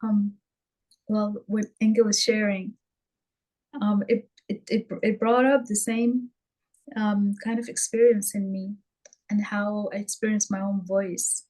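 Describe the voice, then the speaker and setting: A woman's voice: mid-range voice, little pitch movement, measured pace, warm tone, low-quality recording. Hesitant woman sharing in a workshop. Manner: hesitant, many ums and restarts. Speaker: workshop participant.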